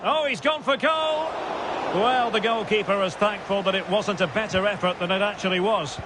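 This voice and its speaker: A man giving scripted football commentary in a video game, brisk short calls that rise at big chances. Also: high-pitched, steady tone, natural voice. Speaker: play-by-play commentator. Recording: loud game crowd noise behind.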